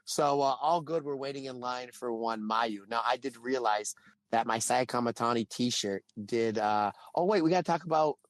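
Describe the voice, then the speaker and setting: A man's voice: medium pitch, normal speed, no echo. Man telling stories animatedly, dry mic. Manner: animated storyteller. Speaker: podcast co-host. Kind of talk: casual podcast chat.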